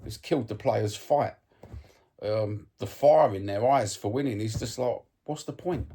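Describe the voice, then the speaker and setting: An unhurried, husky voice on the low side with a dark tone belongs to this Cockney football fan vlogger from East London. He swears and rants bluntly about football in a casual monologue to his phone camera, full of ums.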